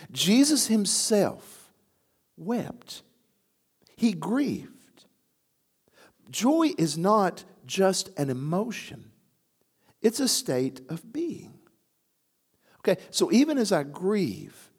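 A man preaching a sermon, moving from quiet reflection to emphatic, rising declarations. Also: a little high, drawn-out words, long pauses, slightly rough. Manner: animated, rising to emphatic near-shouts on key phrases. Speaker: pastor.

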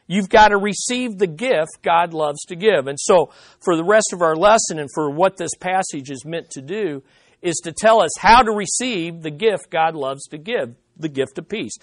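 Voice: mid-range voice, no echo. A pastor preaching a sermon in an emphatic, conversational way, repeating key points and asking the listeners questions.

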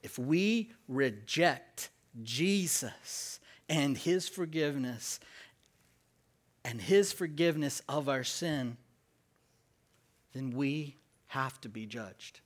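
A man preaches to his congregation, prompting call-and-response exchanges. His delivery is measured and emphatic, with pronounced stress on key words and animated pitch.

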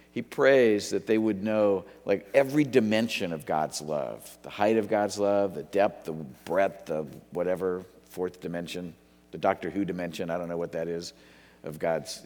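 A man's voice: fairly low pitch, darkish tone. Middle-aged male pastor in a reverberant hall. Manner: casual, joking, wanders off topic. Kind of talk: sermon.

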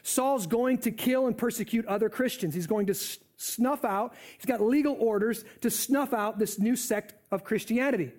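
A man preaching a sermon in an animated, conversational way. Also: extremely high pitch, moderate pace, hardly any pauses.

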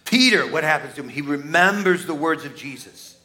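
A man preaching an Easter sermon, storytelling dramatically, acting out quoted voices, and swinging between loud outbursts and hushed asides. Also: on the high side, expressive, brisk. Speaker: pastor.

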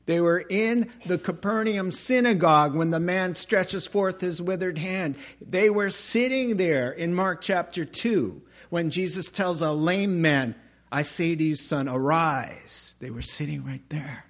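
A man preaching a sermon, emphatic, swinging between loud exclamations and quiet asides. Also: sits high, measured pace. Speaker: pastor.

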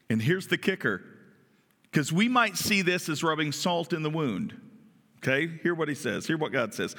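A man's voice: on the high side, very animated, normal speed, fairly bright tone. A man preaching a sermon in a conversational way, often asking his listeners questions. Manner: conversational, asks the congregation questions. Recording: long reverb of a large hall.

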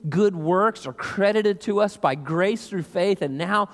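A man's voice: high-pitched, a little slow. A man preaching a sermon as pastor, emphatic and repetitive, calling out questions to the congregation. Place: church sanctuary. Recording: long reverb of a church hall.

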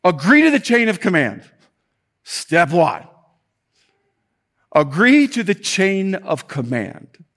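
A man delivering a church sermon, animated and emphatic, repeating key points and slipping into casual, joking asides. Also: high voice, slow, long pauses. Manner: animated preaching with emphatic repetition and rising intensity; conversational asides and self-deprecating humor. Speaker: pastor.

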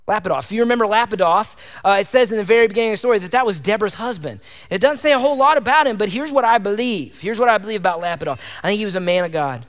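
A man's voice: high voice, expressive, rapid-fire, hardly any pauses, fairly bright tone. A male pastor preaching a fervent sermon, firing off repeated rhetorical questions to his congregation. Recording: long hall reverb.

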